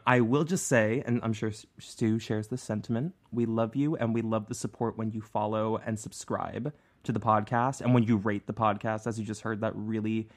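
A chatty man with a fairly low voice hosts a true crime podcast. He talks loosely, full of filler words, and laughs easily between thoughts. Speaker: podcast host and narrator. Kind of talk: casual podcast chat.

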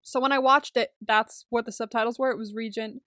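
A woman's voice: on the high side, fairly even intonation, brisk, sharp tone, no room sound, clean studio sound. A woman co-hosting a podcast in casual chat, laughing often and acting out quotes. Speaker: podcast co-host.

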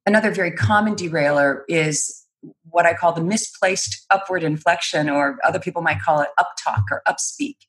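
A woman with a fairly low-pitched voice speaks as a guest in an interview. She explains points in an articulate, measured way and laughs easily between them. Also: a bit bright. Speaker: guest, speech and credibility trainer. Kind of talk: interview answers.

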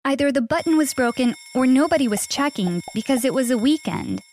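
A young woman narrating a scripted first-person story in an earnest, steady way. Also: sits high, a little fast, slight background noise.

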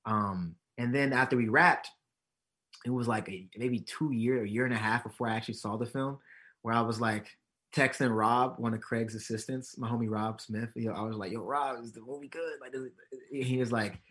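A man's voice: mid-range voice, moderate pace. A man being interviewed as an actor and comedian, telling stories with acted-out quotes and frequent laughs. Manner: animated, acts out quotes, laughs often. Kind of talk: casual interview storytelling.

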